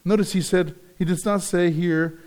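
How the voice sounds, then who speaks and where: A man's voice: high voice, fairly even intonation, moderate pace, darkish tone. A man preaching a sermon as pastor, earnest and repeating key phrases for emphasis.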